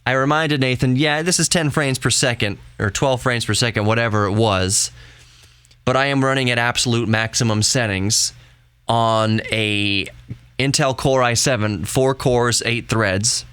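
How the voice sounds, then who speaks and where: A man's voice: medium pitch, measured pace, a bit bright, clean tone, no room sound. A man in his thirties hosting a solo podcast from home, rambling casually and laughing easily. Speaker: podcast host. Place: home room with laptop running.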